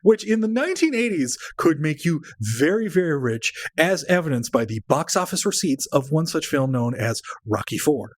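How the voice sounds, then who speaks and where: A man's voice: fairly high pitch, big pitch swings, normal speed, hardly any pauses, no room sound. A man in his forties co-hosting a podcast in casual comedic chat, joking and laughing often. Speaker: podcast co-host.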